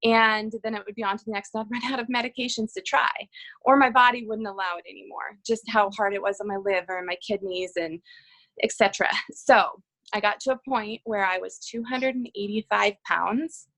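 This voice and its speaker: A woman in her thirties telling her own story in a casual interview, earnest and halting, with frequent ums and restarts. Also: mid-range voice, fairly even intonation, fairly bright tone, low-quality recording. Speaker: guest sharing her health story.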